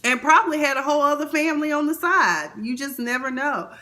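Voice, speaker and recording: A woman's voice: sits high, a little fast, pushed and bright, a little hiss or hum. A woman hosting a casual TV recap, chatting and acting out the characters' lines with big swings in her voice. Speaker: TV recap host.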